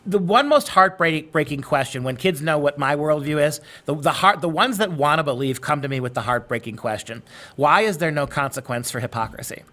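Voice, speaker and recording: A man's voice: on the high side, lively intonation, a little fast, hardly any pauses, fairly bright tone. A man hosting an interview, earnest and conversational, often restarting words mid-thought. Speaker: host.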